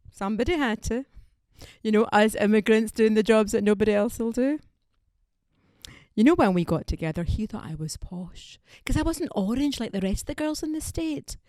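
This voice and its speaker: A woman performs a stand-up set in a wry, punchy way. Her pitch swings widely from line to line. The recording is dry and close, with no room sound. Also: a little mellow, dry recording. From Scotland. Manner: wry, punchy delivery with quoted voices. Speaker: stand-up comedian.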